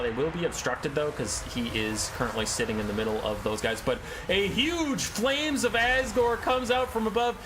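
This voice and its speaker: A man narrating a story and then giving lively play-by-play commentary on a strategy game battle. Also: medium pitch, noisy background.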